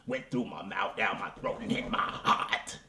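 A man's voice: on the low side, unhurried, bright, forceful tone, roomy sound. A man playing a washed-up, self-pitying male soul crooner in a comedy character monologue, melodramatic and pleading, dropping at times into whispers. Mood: wounded, pleading. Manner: melodramatic, pleading, addresses the audience, drops to whispers.

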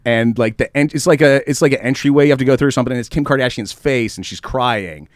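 A man's voice: mid-range voice, fast, no room sound, clean studio sound. A man hosting a comedy podcast, telling a long story with lots of energy and casual swearing. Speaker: podcast host.

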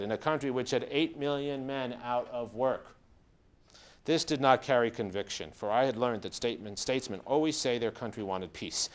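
A man giving a lecture, reading passages from a diary aloud and stopping now and then to explain. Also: mid-range voice.

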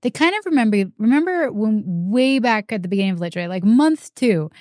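Woman podcast co-host, relaxed chatty delivery, warm low brightness, dry mic. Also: a little fast, dry recording. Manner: chatty, lots of fillers and quoted asides. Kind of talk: casual chat.

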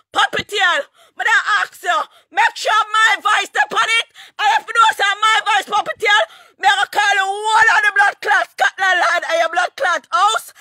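A woman with a Jamaican patois accent ranting angrily on a livestream, shouting, cursing and taunting over and over, her voice breaking near tears at times. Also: very high-pitched, dry recording, clean studio sound. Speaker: online ranter. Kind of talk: angry livestream rant.

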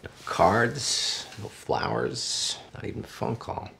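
A man's voice: on the low side, big pitch swings, takes it slowly, gravelly, fairly bright tone, soft background music, heavily acted. An actor playing a sardonic middle-aged male doctor who talks in a dry, cutting way. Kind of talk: TV drama acting.

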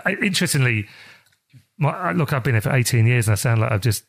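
Speaking fast with vocal fry, a charity chief executive from South East London chats loosely in an interview. The middle-aged man's medium-pitched voice is expressive, and he rambles with many restarts.

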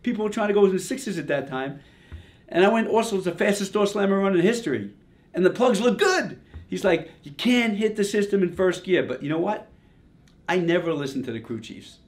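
An older man telling a casual, animated story about his racing days, full of "you know" and "like". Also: high voice, brisk. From Long Island, New York. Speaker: retired drag racer telling a story.

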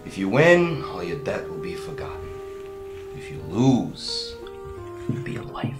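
A man playing a smooth, menacing mob boss in an overacted gangster manner. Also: low voice, big pitch swings, measured pace. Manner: overacted gangster delivery, then mangled fake accents. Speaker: actor in a sketch. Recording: roomy echo under music.

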